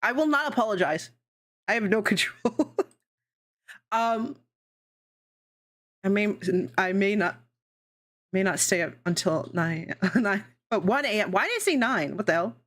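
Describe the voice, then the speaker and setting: A woman streamer in casual live-stream chat, rambling, swearing and laughing often, her pitch jumping around. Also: lively intonation, unhurried, pauses often, fairly bright tone.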